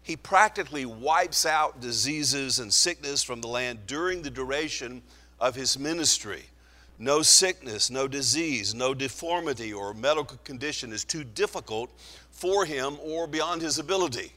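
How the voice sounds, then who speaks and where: A man preaching a sermon in an earnest, emphatic way, slowing down to stress key phrases. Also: medium pitch, expressive, bright, forceful tone. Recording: long hall reverb.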